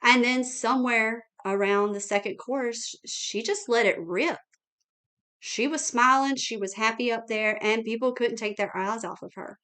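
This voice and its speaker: A woman's voice: on the high side, moderate pace, a bit bright, smooth, lightly acted. A woman reading the chatty, admiring recollections of a young woman about her friend.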